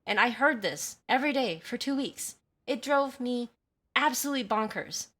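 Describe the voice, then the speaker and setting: Bright-voiced chatty woman livestreamer. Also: on the high side, expressive, normal speed. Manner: chatty, apologetic, reads chat aloud. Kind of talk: casual storytelling and chat reading. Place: at home by a window.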